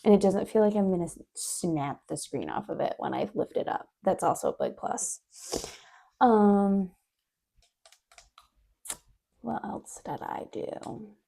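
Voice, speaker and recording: A woman's voice: medium pitch, lively intonation, moderate pace, creaky, dark tone. A young woman chatting sleepily through her video diary, rambling and sometimes dropping to a whisper. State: sleepy, yawning. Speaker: video diarist. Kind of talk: casual diary chat.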